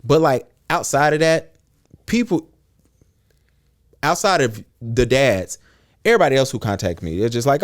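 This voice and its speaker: A man co-hosting a podcast, telling a story in a relaxed way and often agreeing. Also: medium pitch, normal speed, long pauses. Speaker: podcast co-host. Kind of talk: casual podcast talk.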